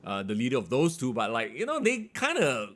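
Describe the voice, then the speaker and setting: A man, co-hosting a casual wrestling podcast, excitable and quick to laugh. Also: medium pitch. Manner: animated, excitable, laughs often. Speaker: podcast co-host. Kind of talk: casual wrestling review chat.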